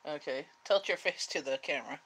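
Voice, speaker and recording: A woman hosts a relaxed home livestream, easygoing and gently directing the person beside her. Her voice sits on the lower side for a woman. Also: fairly quick, slightly rough, poor audio. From Canada. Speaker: host of a livestream chat. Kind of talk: casual chat.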